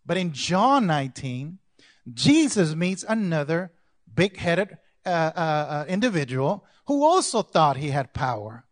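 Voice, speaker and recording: Man, pastor, sermon, high voice, dry close sound. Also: very animated, unhurried, no room sound. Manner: preaching to the congregation, swinging from soft asides to loud exhortation; acts out characters' lines in quoted voices.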